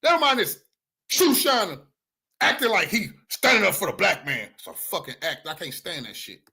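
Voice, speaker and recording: A man's voice: high-pitched, big pitch swings, moderate pace, vocal fry, bright, forceful tone, husky. A man giving a heated, profane commentary rant as an online news commentator. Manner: angry, profane, preachy.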